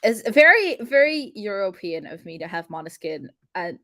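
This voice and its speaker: A woman's voice: medium pitch, big pitch swings, moderate pace, a bit bright, no echo, clean studio sound. A young adult woman hosting a casual coding livestream, chatty, with lots of fillers and frequent laughs.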